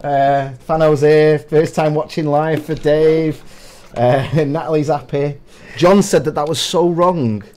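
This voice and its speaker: A man's voice: a little high, fairly even intonation, takes it slowly, a little mellow. A man co-hosting a live stream, laughing often as he reads out viewer names. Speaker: co-host. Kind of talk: casual live-stream chat.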